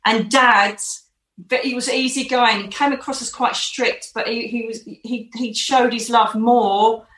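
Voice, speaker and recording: A woman's voice: on the high side, fairly even intonation, a little slow, a bit bright. A woman giving a psychic reading, talking in an emotive, reassuring, rambling way. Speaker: psychic medium. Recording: roomy echo.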